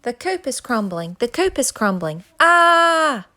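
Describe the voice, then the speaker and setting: A woman's voice: a little high, sing-song, moderate pace. A woman voicing a frantic little male chicken who shrieks in alarm. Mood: panicked.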